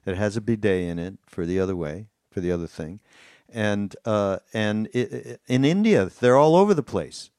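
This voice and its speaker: A man with a low voice hosting a podcast, who wanders through his points and stops and restarts often. His speech is full of fillers. The sound is dry and close to the mic. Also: expressive, darkish tone, no room sound. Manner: rambling, halting, many fillers. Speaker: podcast host. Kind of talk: casual chat.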